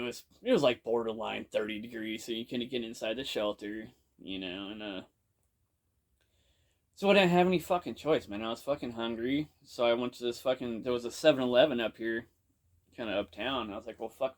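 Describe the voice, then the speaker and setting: Rambling, foul-mouthed man telling a story. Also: mid-range voice. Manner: rambling, profane, full of "you know". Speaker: podcast storyteller. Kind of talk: casual first-person storytelling.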